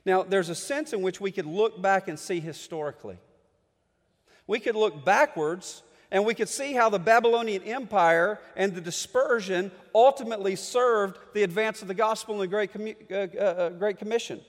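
A middle-aged pastor with a high, light voice delivers a sermon, swinging from booming declarations to near-whispered pleas. His words ring through a large church hall with a long, lingering reverb. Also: normal speed. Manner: dramatic, swings between booming and hushed.

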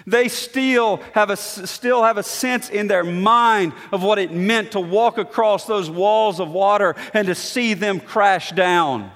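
A man with a high voice delivers a sermon from the pulpit, his words ringing with a long hall reverb. He drops to hushed, low tones for weight, then builds back up to emphatic, insistent statements. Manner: dynamic preaching, dropping to soft low tones and rising to emphatic. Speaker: pastor.

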